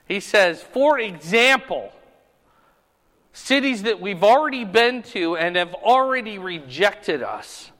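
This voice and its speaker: High-voiced man teaching in a reverberant hall. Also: sharp tone. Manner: conversational, rising to earnest emphatic preaching. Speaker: Bible teacher. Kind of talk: sermon-style Bible study teaching.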